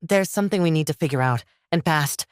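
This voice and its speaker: A man's voice: on the high side, brisk, smooth, no room sound, clean studio sound, pitched above the performer's own voice, close to an everyday voice. A man voicing a practical young woman in an audio story, urgent and matter-of-fact.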